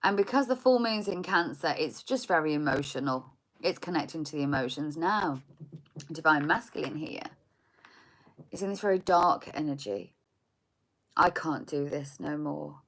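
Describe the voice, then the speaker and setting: A woman giving a spiritual tarot reading, soft and meandering, often repeating words as she searches for them. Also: low voice, expressive, normal speed. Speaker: tarot reader.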